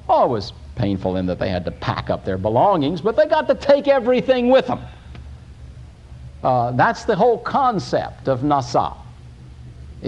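A man preaching a sermon, emphatic, with pauses and restarts. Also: medium pitch, muffled recording.

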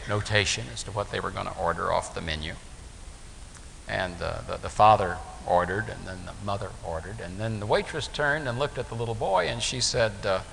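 A man preaching a sermon in a gravelly, bright voice. His pitch swoops and climbs as he tells stories and acts out their voices. The recording rings in a long hall echo over a faint hiss. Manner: storytelling, acts out voices in anecdotes.

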